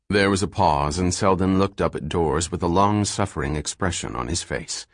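A man narrating an audiobook in a steady, plain storytelling manner. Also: sits low, moderate pace, few pauses, no echo, clean studio sound. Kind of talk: scripted narration.

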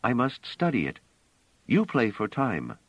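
A quick-witted woman with mind powers speaks in tense, urgent tones, as a man puts her on. The voice sits high above his usual range. The audiobook recording is dry and dull. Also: huge pitch swings, dry recording.

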